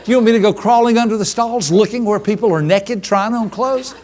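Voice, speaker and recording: A man's voice: high voice, fairly quick, a little mellow, some chatter behind, a little hiss or hum, voice pushed up, close to an everyday voice. A man voicing his playful, prank-loving young adult daughter in a told story, teasing and exasperated.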